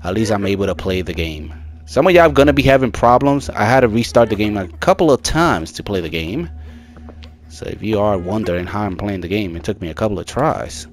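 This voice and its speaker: Excitable man talking over a horror game. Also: fairly low pitch, brisk. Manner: excitable, jumps to loud shouts and laughter; chatty, addresses viewers as "guys". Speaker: gaming commentator. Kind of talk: casual let's-play commentary.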